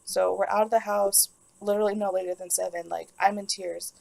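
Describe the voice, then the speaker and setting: A woman's voice: medium pitch, fairly even intonation, a little fast, creaky, a little mellow, poor audio. A young woman telling a personal story in a vlog, rambling and emotional, with lots of "like". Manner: rambling, emotional, heavy use of "like". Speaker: vlogger.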